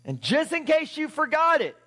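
In a church hall with long reverb, a male pastor's very high, sharp voice swings hugely in pitch at a moderate pace. His sermon is conversational and emphatic, peppered with rhetorical questions for the congregation.

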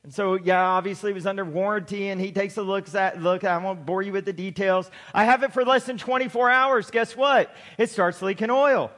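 High-voiced man preaching a sermon. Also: a bit bright. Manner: preaching with slow emphatic build-ups, then chatty joking asides. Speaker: pastor.

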